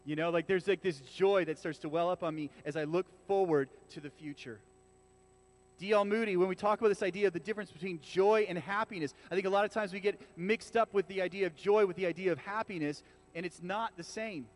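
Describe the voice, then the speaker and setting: A man with a high-pitched voice delivers a sermon in a relaxed, conversational way. He talks to the congregation like friends, with lively asides and frequent restarts. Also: fairly quick. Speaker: pastor. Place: church.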